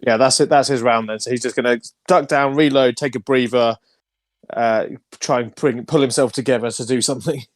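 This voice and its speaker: A man's voice: mid-range voice, fairly even intonation, brisk, no room sound. Man thinking aloud over dice, dry. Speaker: player. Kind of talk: casual tabletop game play.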